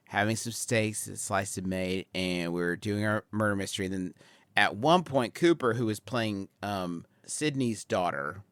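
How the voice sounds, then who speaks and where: A man's voice: lowish voice, unhurried, no echo. A man in his forties, a podcast co-host telling a rambling comic story about a family outing. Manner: rambling, builds to excited laughing. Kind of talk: comedic storytelling.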